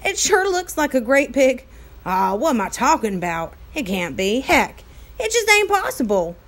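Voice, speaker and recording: A woman voicing a wary, tough cowboy with a folksy drawl, pitched up from her own voice and more distant-sounding. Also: big pitch swings, moderate pace, fairly bright tone, full character voice. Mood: bewildered.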